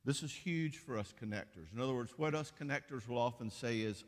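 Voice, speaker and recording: A man's voice: medium pitch, normal speed, hardly any pauses. Man preaching in a reverberant hall. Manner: folksy, animated, acts out quoted spouses. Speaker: pastor leading a marriage conference. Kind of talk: conference sermon. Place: church auditorium.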